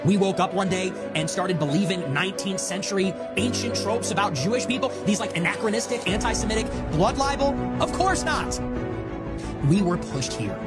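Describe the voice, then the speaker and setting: Angry guy ranting, voice swinging all over, loud music under it. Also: high voice, animated, moderate pace. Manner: fiery, profane, accusing. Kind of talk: political rant.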